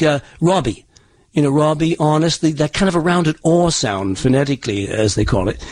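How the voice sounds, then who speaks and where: A man's voice: on the high side, breathy edge. A man who works as a dialect coach, with a partly Irish-tinged accent, explaining in an interview with many restarts. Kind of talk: interview answers.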